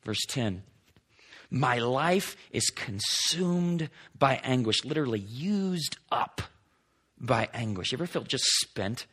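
A male pastor preaching a sermon, swinging between emphatic lines and hushed, slow passages as he reads scripture. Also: mid-range voice, expressive, husky.

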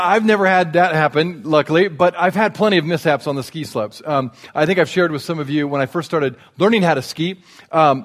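High-pitched male preacher, self-deprecating humor, church sermon. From Indiana. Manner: joking, self-deprecating storyteller. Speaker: guest preacher. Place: church sanctuary.

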